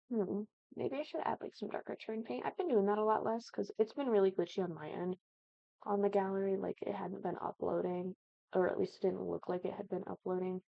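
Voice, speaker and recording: A young woman from the Midwest chatting animatedly while building a house in a game, with excited exclamations. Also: mid-range voice, creaky, dry recording, lo-fi sound. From American Midwest. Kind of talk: casual gaming commentary.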